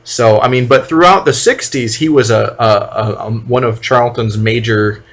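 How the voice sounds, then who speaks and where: A man co-hosting a podcast, chatting casually. He stops and starts a lot with ums and restarts, then gives his opinions bluntly. His voice sits at an ordinary pitch for a man. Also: moderate pace. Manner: hesitant, many ums, blunt and critical. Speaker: podcast co-host. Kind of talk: casual chat.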